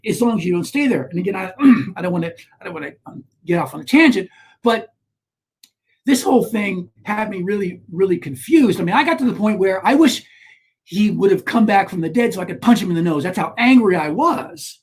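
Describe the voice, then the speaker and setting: A man, a guest on a talk show, telling a personal story in an animated way, with frequent restarts and rising emphasis. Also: high voice, brisk, breathy edge. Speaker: guest, author on shame.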